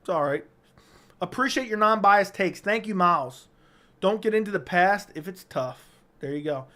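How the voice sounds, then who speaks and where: A man with a high-pitched voice hosts a casual livestream from a studio mic. He tells profane stories in an animated, rambling way and stops to answer chat questions. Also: normal speed. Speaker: livestream host. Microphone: studio dynamic mic.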